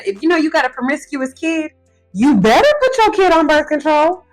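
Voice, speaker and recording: A woman's voice: high-pitched, animated, a little fast, soft background music, poor audio. A woman hosting a casual reaction commentary, talking bluntly and sounding scolding and incredulous. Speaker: commentary host reacting to a clip.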